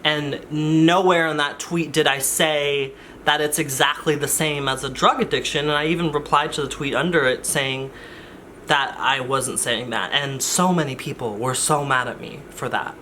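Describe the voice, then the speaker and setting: A man's voice: medium pitch, sharp tone, a little hiss or hum. A man vlogging in a casual, rambling way, often interrupting himself with jokey asides. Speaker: YouTuber. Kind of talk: casual vlog chat.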